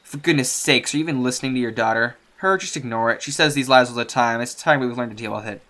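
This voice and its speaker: A man's voice: mid-range voice, quick pace, bright, forceful tone, lightly acted. A man reading a scornful village mother. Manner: scolding, contemptuous.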